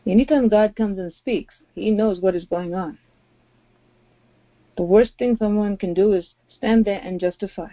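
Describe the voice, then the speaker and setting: A woman's voice: mid-range voice, normal speed, no echo. A woman pastor preaching a sermon, stressing her points by repeating phrases. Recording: dry, dull lo-fi audio.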